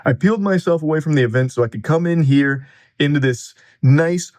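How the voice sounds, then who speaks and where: A man in his thirties giving crude, sarcastic commentary on a news clip in a deadpan way. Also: medium pitch. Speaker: commentary host.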